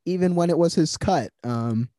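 A man's voice: a little high, normal speed, no echo. A man hosting a casual podcast chat, joking and swearing as he talks. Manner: joking, profane, animated. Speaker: podcast host.

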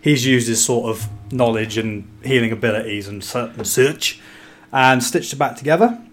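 A man's voice: medium pitch, moderate pace, soft background music. A man co-hosting a podcast, rambling through a novel's plot with profanity and jokey asides. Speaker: podcast co-host discussing a novel. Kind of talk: casual book-club chat.

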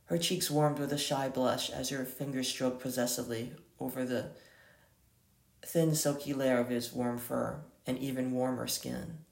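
A reader works through a romance story aloud, often stumbling and correcting themself. The voice has steady vocal fry at a middling pitch. It was recorded in an echoey room. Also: moderate pace.

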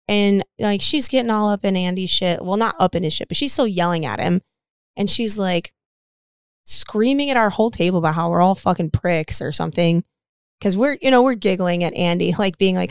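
A woman's voice: mid-range voice, normal speed, clean tone, no room sound, studio quality. A woman co-hosting a podcast, telling a bar story in casual chat, rambling and swearing freely. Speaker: podcast co-host.

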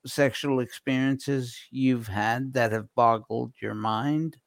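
Man, podcast co-host, slow halting delivery, dry close sound. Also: mid-range voice, fairly even intonation, no echo. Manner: halting, many fillers. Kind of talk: casual podcast sign-off.

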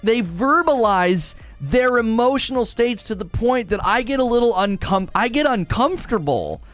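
A man hosting a casual gaming live stream, jokey and animated, with loud bursts and quiet mutters. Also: very high voice, normal speed, soft background music.

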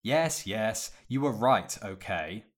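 A man voicing a shy, reserved teenage witch girl who speaks softly. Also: fairly low pitch, lively intonation, slow.

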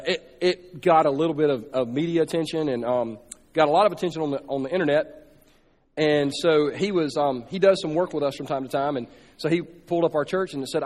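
Pastor guy preaching, does little voices in his story, high voice, echoey big hall. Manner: storytelling, acts out dialogue with voices. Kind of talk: sermon. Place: large church hall. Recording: sermon clip in a reverberant hall.

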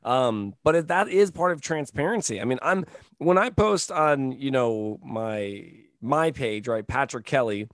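A man's voice: mid-range voice, lively intonation, measured pace, fairly bright tone, dry recording, studio quality. A man hosting a casual produce-industry podcast, talking energetically with many fillers and tag questions like "right?". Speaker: podcast host.

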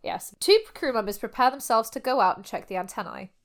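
A woman's voice: on the high side, brisk. Giggly woman recapping a show. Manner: laughing often, animated, swears casually. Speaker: podcast co-host recapping episodes. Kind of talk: casual chat.

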